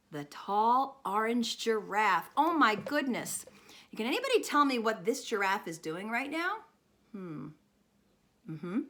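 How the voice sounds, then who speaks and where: A woman teaches young children in a storybook review, with an animated, sing-song delivery that gasps and pauses to wait for answers. Her voice sits fairly high and swoops widely. Its tone is bright and sharp.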